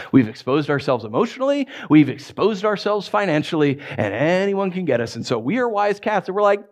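A man preaching a sermon in an animated way, acting out the voices of animals and listeners as he tells stories. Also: on the high side. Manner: animated, acts out voices of dogs, cats and listeners. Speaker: pastor.

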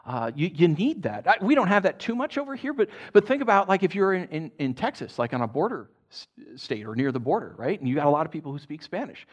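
Animated male pastor preaching. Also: fast, hardly any pauses. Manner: animated, conversational preaching with frequent "right?"; drops to a soft, low voice for scripture reading. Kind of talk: sermon.

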